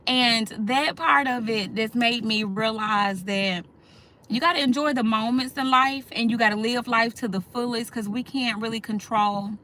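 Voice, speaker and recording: Bright-voiced woman talking heart to heart. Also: fairly high pitch, moderate pace. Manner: heartfelt, addresses listeners as y'all. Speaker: host. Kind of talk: casual talk to the audience.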